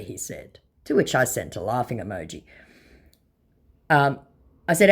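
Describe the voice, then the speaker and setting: A woman's voice: a bass voice, sing-song, moderate pace, long pauses, breathy edge. A woman hosting a scambaiting channel, talking casually and bluntly with sarcasm while reading out chat exchanges.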